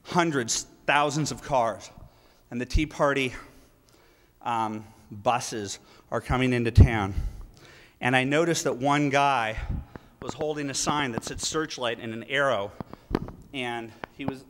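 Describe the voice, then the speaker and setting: A man giving a live speech at a political rally, telling a story in an emphatic, animated way. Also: medium pitch, measured pace. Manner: animated, emphatic, breaks into laughter, acts out quoted lines. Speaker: guest speaker at a political rally. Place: large event hall. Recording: reverberant hall with faint noise.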